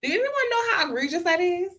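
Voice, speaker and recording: A woman's voice: very high-pitched, very animated, quick pace, a bit bright. A woman co-hosting a casual podcast, giving sassy, emphatic opinions. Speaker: podcast co-host. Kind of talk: casual chat.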